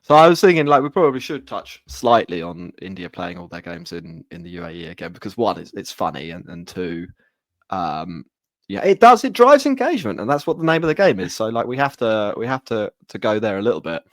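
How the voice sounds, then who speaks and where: Brief: male podcast co-host, sweary, animated, lots of restarts, very expressive pitch. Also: a little fast, dry recording, studio quality. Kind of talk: casual chat.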